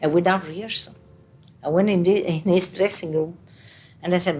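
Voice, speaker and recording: An older woman with an Italian accent, speaking as an interview guest in a casual, animated way, with halting English and many restarts. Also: fairly low pitch, husky. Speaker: interviewee, retired opera singer. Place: home apartment.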